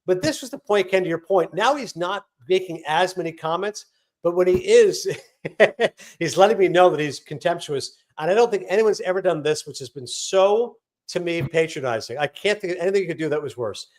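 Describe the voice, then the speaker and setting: Guy broadcaster rattling off stories super fast, kinda high voice, acts out the quotes. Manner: rapid, animated anecdotes with acted-out quotes. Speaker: guest, sports broadcaster. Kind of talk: casual storytelling in an interview.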